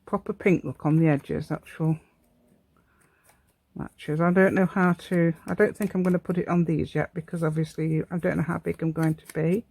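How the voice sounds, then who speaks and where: A woman's voice: deep voice, fairly even intonation, normal speed, gravelly, a little mellow, breathy edge, no echo. A woman hosting a casual crafting tutorial, chatting and rambling as she works. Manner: chatty, rambling, self-deprecating with frequent laughs. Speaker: crafting channel host.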